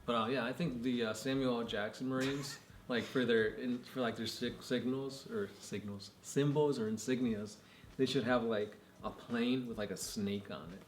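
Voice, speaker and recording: A relaxed man co-hosting a casual chat, loose and unhurried. He is in a roomy, echoing space. A faint hiss sits behind his voice. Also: mid-range voice. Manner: casual, laid-back, lots of "like" fillers. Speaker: podcast co-host. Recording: echoey room with faint noise.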